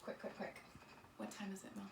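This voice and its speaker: A woman teaching a small-group lesson to children, upbeat and encouraging, calling them friends. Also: fairly quick. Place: indoor room with children nearby. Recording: roomy, distant, noisy.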